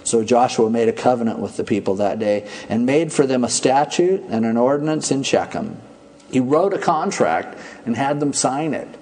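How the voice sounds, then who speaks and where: A man preaching a sermon in a conversational, animated storytelling manner. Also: mid-range voice, normal speed. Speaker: pastor.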